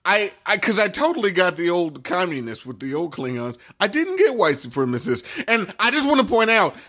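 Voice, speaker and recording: A man with a slightly high voice talking casually on a podcast. He stumbles and repeats words as he begins his points. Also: big pitch swings, bright, forceful tone. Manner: halting, stammering starts. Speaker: podcast co-host. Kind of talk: casual chat.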